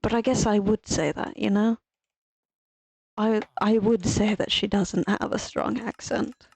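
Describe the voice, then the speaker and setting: A woman's voice: mid-range voice, fairly even intonation, a little slow, vocal fry, a little mellow, husky, dry recording, low-quality recording. A woman from Ireland with an Irish accent, rambling casually while she plays a game and swearing freely. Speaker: streamer. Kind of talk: casual gaming chat.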